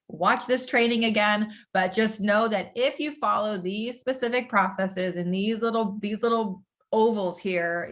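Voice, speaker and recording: A woman's voice: medium pitch, a bit bright. Upbeat woman coaching recruits on a video call. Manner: casual and upbeat, laughs often, fills with "like". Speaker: team leader training new recruits. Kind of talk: motivational training call.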